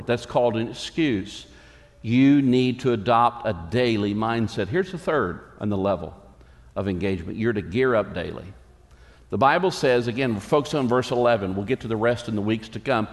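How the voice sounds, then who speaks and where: A man's voice: on the low side, expressive, moderate pace. Man preaching in a reverberant hall. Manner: emphatic preaching with repeated phrases and quoted asides. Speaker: pastor. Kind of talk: sermon. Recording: long reverb of a large hall.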